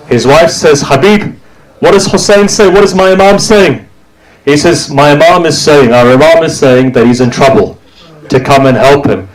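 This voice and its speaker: Man preaching an emotional mourning sermon. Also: low-quality recording. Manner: dramatic storytelling, voice climbing into high, tearful cries; drops to low, hushed tones for quiet moments.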